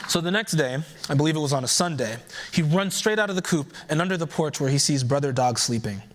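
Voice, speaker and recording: A man giving a keynote by telling a folktale aloud in a relaxed storytelling manner, adding conversational asides as he goes. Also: medium pitch, quick pace, a little hiss or hum. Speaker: keynote speaker. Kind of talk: oral storytelling.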